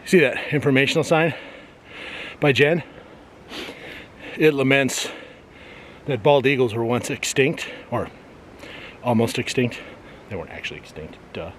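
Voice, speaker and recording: A man vlogging casually on a coastal cape, joking dryly with sarcastic asides and at times out of breath from a steep hill. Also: mid-range voice. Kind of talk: casual vlog narration. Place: outdoors on a windy coastal cape. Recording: noisy outdoor camera audio.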